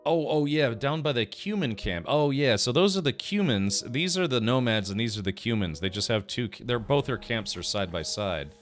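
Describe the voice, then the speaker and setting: A man's voice: mid-range voice, animated, normal speed, hardly any pauses, soft background music. A man streaming a game, chatting casually, thinking aloud and answering his chat. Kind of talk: casual gameplay commentary.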